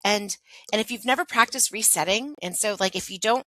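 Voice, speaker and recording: A woman's voice: medium pitch, brisk, bright, forceful tone, no echo, poor audio. A middle-aged woman, a pediatric occupational therapist, explaining things in a conversational interview, often adding "like" and "right?". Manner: explanatory, peppers speech with "like" and "right?".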